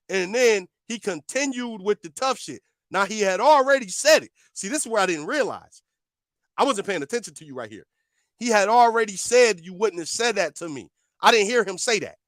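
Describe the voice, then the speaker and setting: A man's voice: high-pitched, animated, a little fast, fairly bright tone, no room sound, studio quality. A man giving heated reaction commentary, confrontational and repeating his points as he talks back at a clip.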